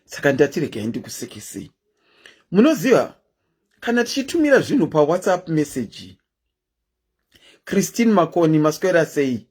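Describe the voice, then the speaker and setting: A woman's voice: deep voice, sing-song, normal speed, long pauses, a little mellow, husky. A Zimbabwean woman hosting a casual live stream, chatting and greeting her viewers one by one.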